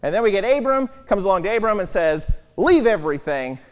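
A Bible teacher giving an animated talk and putting rhetorical questions to the listeners. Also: medium pitch, quick pace. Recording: long hall reverb.

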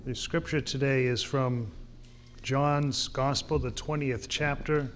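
A man's voice: medium pitch, fairly even intonation, slow pace, a little hiss or hum. Earnest male preacher reading scripture. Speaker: pastor. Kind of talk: sermon.

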